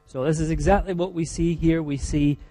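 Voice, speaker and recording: A Scottish man teaches a physiology class in a mellow, darker voice. He leans hard on key terms, slowing down to repeat them, and tosses in dry jokes. The sound is close and dry. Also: fairly high pitch, fairly even intonation, dry recording, soft background music. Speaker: lecturer. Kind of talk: university lecture.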